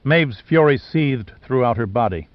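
A man reading a novel aloud as audiobook narrator, in a measured storytelling manner. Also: mid-range voice, lively intonation, no room sound. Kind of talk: scripted narration. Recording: dull lo-fi dry recording.

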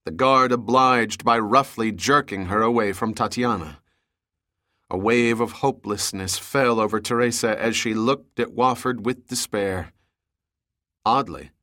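Male audiobook narrator, mid pitch, steady thriller read, dead-dry booth. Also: no echo.

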